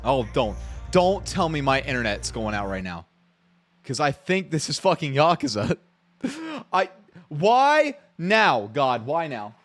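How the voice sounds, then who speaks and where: A man's voice: on the high side, very animated, slow, fairly bright tone, faint music behind. A man streaming from home, reacting live in a rambling, profane way and repeating himself when worked up.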